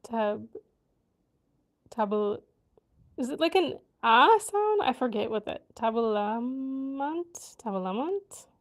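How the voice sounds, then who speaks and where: A woman with a high voice talks slowly and casually on her vlog. She giggles a lot, tries new words aloud and mutters half to herself as she works them out. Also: big pitch swings. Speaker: vlogger learning a language.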